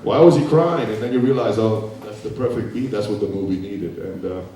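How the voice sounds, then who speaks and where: A man's voice: on the low side, fairly quick, mellow. A man in his fifties, a guest actor telling anecdotes on a festival panel, acting out quoted lines and laughing often. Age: 50s. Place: festival event hall. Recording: echoey hall from far off, faint noise.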